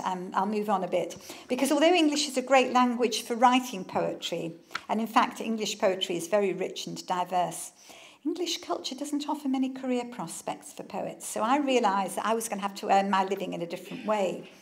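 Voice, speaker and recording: A woman's voice: mid-range voice, creaky. A woman author giving an informal public talk, chatty and enthusiastic, often wandering off on asides.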